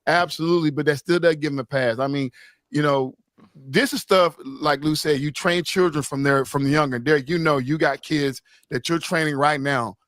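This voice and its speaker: A man's voice: fairly high pitch, fairly even intonation, moderate pace, fairly bright tone, no room sound, clean studio sound. A man hosting a casual sports podcast, talking loosely and reading out listener comments. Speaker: podcast host.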